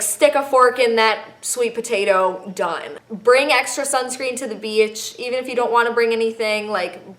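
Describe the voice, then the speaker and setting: A woman's voice: on the high side, a bit bright. Chatty young woman vlogger, roomy echo. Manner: chatty, playful, emphatic asides. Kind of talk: casual travel vlog tips.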